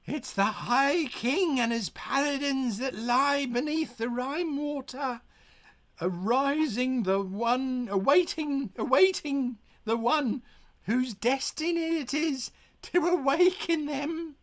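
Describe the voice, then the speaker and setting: A man voicing a superstitious first mate of a pirate ship, telling a legend in a hushed, spooky way. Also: very high-pitched, takes it slowly, voice pushed up, heavily acted. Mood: eerie.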